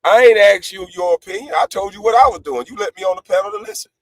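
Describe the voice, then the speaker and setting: A man ranting on a live stream panel in a brash, profane way. He swings between loud outbursts and low, laughing asides. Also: huge pitch swings, fast, gravelly, dry recording, low-quality recording. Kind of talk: heated livestream rant.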